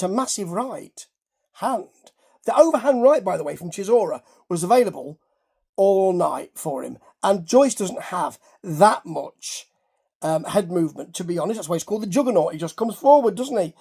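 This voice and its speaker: A man's voice: sits high, creaky, a little mellow, breathy edge. A man hosting a casual boxing chat, rambling and correcting himself as he goes. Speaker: host.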